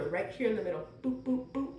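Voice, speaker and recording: A tarot reader gives a chatty, expressive reading in a medium-pitched voice that is worn and hoarse; she's losing her voice and keeps clearing her throat. She laughs and sings snippets along the way. It's a quiet home recording with a roomy sound.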